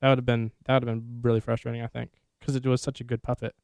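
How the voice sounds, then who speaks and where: A man hosting a podcast in casual chat, talking excitedly and rambling in quick bursts. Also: medium pitch, vocal fry, dry recording. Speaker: podcast host.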